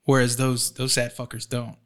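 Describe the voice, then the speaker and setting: A man in casual podcast conversation, animated, swearing freely and often acting out other people's voices. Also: medium pitch, normal speed. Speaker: podcast co-host. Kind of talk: casual chat.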